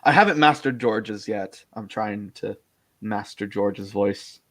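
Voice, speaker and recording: A young man, chatting casually about fan films, laughing often and slipping into quick impressions. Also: on the low side, a bit bright. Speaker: fan-film actor and co-host. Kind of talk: casual chat.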